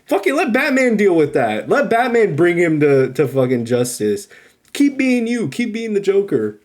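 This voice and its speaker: A man co-hosting a podcast, giving a heated, profane movie review that swings from loud outbursts to low muttering. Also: big pitch swings, normal speed. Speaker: podcast co-host. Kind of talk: casual ranting movie review.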